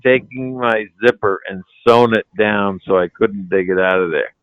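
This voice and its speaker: A man's voice: lowish voice, moderate pace, smooth, no room sound, phone-quality sound. An older man, a retired hockey player, casually telling a story as a podcast guest, laughing and swearing now and then.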